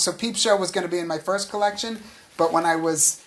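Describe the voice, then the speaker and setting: An American author being interviewed on stage at a literary event speaks in a high-pitched, brisk voice. His casual talk rambles, he restarts sentences, and he chuckles along the way.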